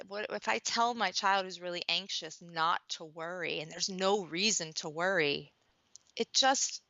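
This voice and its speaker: Bright-voiced woman coach, dull lo-fi audio. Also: mid-range voice, dry recording. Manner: earnest, talkative, many "you know" fillers and restarts. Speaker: parenting coach. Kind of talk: conversational interview answer.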